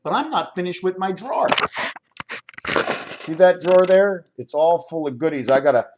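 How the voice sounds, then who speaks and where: An older man with a fairly high voice talks to his camera in a loose, wandering home vlog. His thoughts jump from one subject to the next, and he holds things up to show as he speaks. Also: lively intonation, normal speed, noisy background. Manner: wandering stream-of-consciousness talk, jumping between topics; shows items to the camera while talking. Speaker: vlogger. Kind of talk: rambling home vlog monologue.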